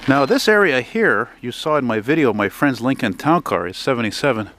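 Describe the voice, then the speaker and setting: A middle-aged man from Canada talks into a handheld camera as he strolls down a residential street. His voice sits at an ordinary mid pitch, and his chatter is loose and meandering, wistful about the old days and peppered with swearing. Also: lively intonation, brisk, fairly bright tone, a little hiss or hum. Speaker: vlogger. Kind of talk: casual walking vlog narration.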